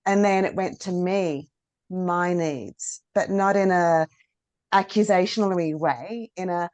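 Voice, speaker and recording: A woman's voice: fairly low pitch, takes it slowly, darkish tone, dry recording. Affirming woman co-host, dry sound. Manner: enthusiastic, affirming. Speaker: podcast co-host. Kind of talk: podcast interview.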